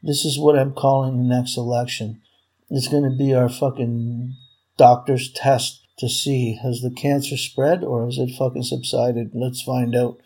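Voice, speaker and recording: Man, gravelly and husky, angry profane vlog rant. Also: mid-range voice, little pitch movement, a little slow, dark tone. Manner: furious, profane, repetitive ranting. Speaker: vlogger. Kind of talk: angry political rant to camera.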